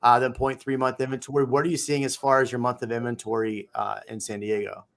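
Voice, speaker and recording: A man's voice: medium pitch, level tone, fast talker, creaky, a bit bright. A man hosting a casual livestream chat as a realtor, joking and laughing often.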